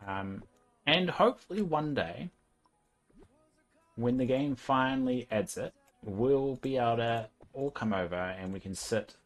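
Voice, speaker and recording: This is a young New Zealand man with a lowish voice, musing aloud on a livestream as he builds in a game. He drifts along with ums and half-finished thoughts. A little game music plays softly behind him. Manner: relaxed, rambling, thinking aloud with fillers. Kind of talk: casual livestream commentary while playing a game.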